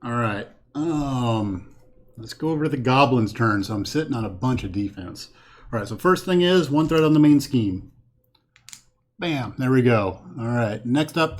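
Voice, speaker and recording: In a medium-pitched, slightly mellow voice, a man plays a solo card game from a home setup with a green screen. He thinks aloud, counting cards and talking himself through each move as he weighs it.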